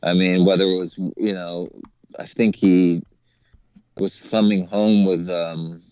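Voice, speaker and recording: A man telling a story as a guest in casual chat, relaxed and hedging, with many fillers and disclaimers. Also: low voice, takes it slowly, clear, resonant tone, dry recording. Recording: dull, dry, lo-fi sound.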